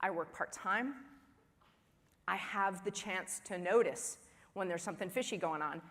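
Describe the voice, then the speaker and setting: A woman in her forties giving a humorous keynote speech at a conference, telling family stories in an animated way and acting out the dialogue. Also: fairly low pitch, unhurried. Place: large conference hall. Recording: long reverb of a large hall.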